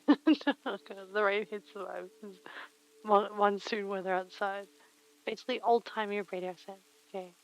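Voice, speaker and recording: A woman's voice: medium pitch, steady tone, unhurried, a bit bright, low-quality recording. A woman livestreaming casually from home, thinking aloud in a playful, rambling way while she mends a pillow and chats. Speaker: livestream host. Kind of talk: casual chat while crafting.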